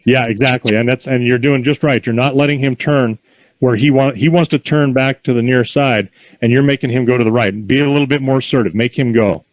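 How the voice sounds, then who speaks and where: A man giving calm, encouraging instructions in an outdoor horse corral, mixing in folksy stories. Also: mid-range voice, fairly quick, no echo, low-quality recording. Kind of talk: outdoor coaching with anecdotes.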